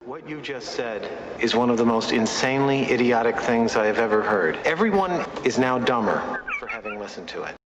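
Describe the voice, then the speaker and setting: A stern, scornful man played by an actor speaks with cutting contempt. The sound is a dull, lo-fi film clip. Clear background noise runs under it. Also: medium pitch, expressive, fairly quick, natural voice.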